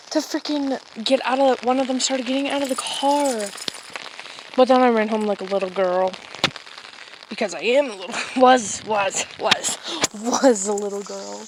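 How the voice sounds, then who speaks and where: Giggly young woman vlogging in rain. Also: fairly high pitch. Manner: rambling, giggly, chatty storytelling. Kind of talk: casual vlog chat. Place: outdoors in the rain, walking a dog. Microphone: handheld phone camera. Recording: rain noise over the voice. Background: rain on an umbrella.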